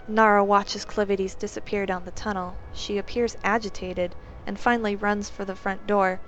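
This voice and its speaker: A woman reading story narration in a calm, subdued way. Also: mid-range voice, normal speed, slight background noise. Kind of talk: scripted narration of a game story.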